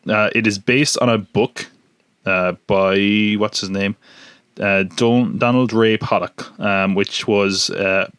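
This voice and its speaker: A man's voice: lowish voice, fairly bright tone, no echo. A man hosting a casual solo podcast, chatty and joking, with lots of fillers and restarts. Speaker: podcast host.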